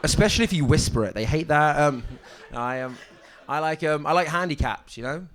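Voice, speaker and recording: A young man doing a stand-up set on a comedy club stage, halting and deadpan, with many ums and restarts. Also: a little high.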